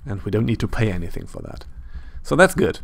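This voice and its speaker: Gravelly German-accented man narrating gameplay. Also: on the low side, wildly swooping pitch, fairly quick. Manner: chatty, thinks aloud, self-deprecating asides. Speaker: let's play host. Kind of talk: casual gameplay commentary.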